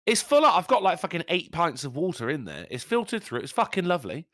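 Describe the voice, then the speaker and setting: A man's voice: on the high side, big pitch swings, fast, fairly bright tone, no echo, clean studio sound. A man co-hosting a podcast, chatting casually and teasing his co-host with plenty of swearing. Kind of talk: casual chat.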